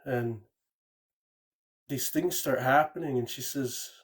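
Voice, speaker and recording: Taking it slowly in a mid-range voice, a caller recounts a true ghost story in a loose, casual way, frequently repeating words and dropping "you know."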